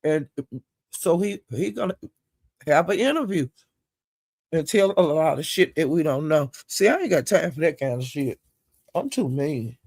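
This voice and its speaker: A woman's voice: on the low side, creaky, a little mellow, breathy edge, dry recording, clean studio sound. A woman vlogger giving casual gossip commentary, blunt and profane, sounding exasperated as she retells the drama.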